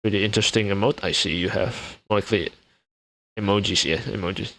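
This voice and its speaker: A young man from Indonesia, chatting loosely with the viewers of his stream. His voice sits a little low, and he laughs often, stumbling over and restarting his sentences as he goes. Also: fairly quick, fairly bright tone. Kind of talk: casual live-stream chat.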